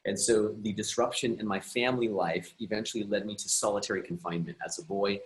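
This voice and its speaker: A man appears as a guest emotional and relationship coach, telling a personal story earnestly and reflectively and frequently restarting his sentences. His lowish voice keeps a fairly even intonation at a quick pace, and the recording is rough.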